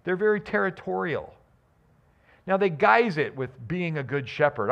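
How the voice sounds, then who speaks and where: A man preaching a sermon as a pastor, with animated, emphatic delivery and frequent restarts. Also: a little high, moderate pace, gravelly, dull audio.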